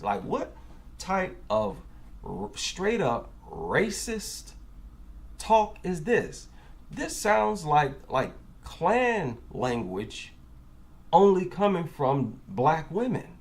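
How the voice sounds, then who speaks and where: Slow, animated man doing commentary. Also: a little high. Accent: African American. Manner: incredulous, rhetorical questions. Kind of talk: reaction commentary.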